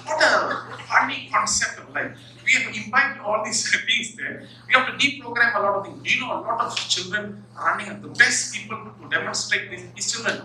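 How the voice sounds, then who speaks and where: Male motivational speaker, high bright voice, lively storytelling, recorded far off in a reverberant lecture hall. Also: moderate pace, slight background noise. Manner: animated, humorous storytelling, acts out little scenes. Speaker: professor giving a public talk. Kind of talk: motivational talk. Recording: echoey hall, far from the mic.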